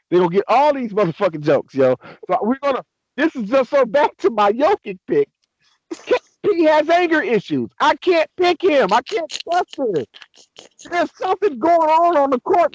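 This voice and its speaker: A young man on a casual sports podcast, ranting excitably and swearing a lot. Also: very high voice, dry recording, dull audio. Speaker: podcast co-host.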